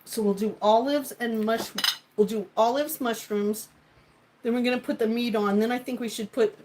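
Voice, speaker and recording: A woman's voice: fairly high pitch, moderate pace, a little mellow, slight background noise, poor audio. A woman hosting a casual live-stream cooking chat in her home kitchen, rambling as she talks to viewers and to her ingredients. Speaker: cooking livestream host.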